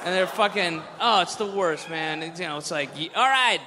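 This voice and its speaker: A man's voice: fairly high pitch, moderate pace, bright, forceful tone, in a large hall. A man, a stand-up comedian, ranting in a profane, sardonic bit.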